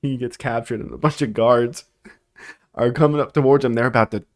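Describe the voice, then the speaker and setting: A man hosting a casual chat show, laughing often and breaking into loud bits. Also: mid-range voice, steady tone, a little fast. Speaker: podcast host.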